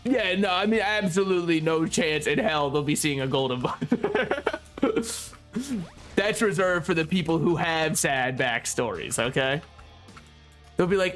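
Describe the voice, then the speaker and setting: With faint game music in the background, a young male streamer gives casual gameplay commentary in a voice on the high side, a little slow and fairly bright. He jokes around, leans sarcastic, laughs a lot and swears freely.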